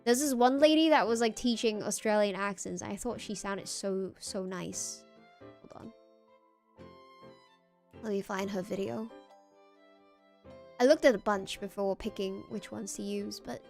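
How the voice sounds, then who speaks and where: A woman's voice: medium pitch, steady tone, measured pace, gravelly, long pauses, darkish tone, faint music behind. An American woman streaming, reacting to videos in playful, meandering casual commentary. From United States.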